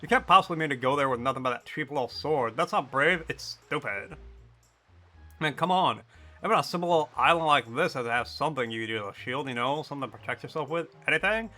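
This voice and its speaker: A man's voice: medium pitch, fast talker, sharp tone, soft background music, close to an everyday voice. A man voicing a blunt, scornful young female pirate captain from a video game.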